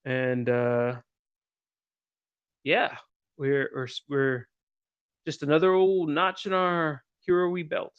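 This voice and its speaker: A man's voice: fairly high pitch, steady tone, slow, long pauses, clean tone, narrow, tinny audio. Jokey man playing a tabletop hero. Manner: jokey, plays a boastful folk hero. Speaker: player. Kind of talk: in-character tabletop play.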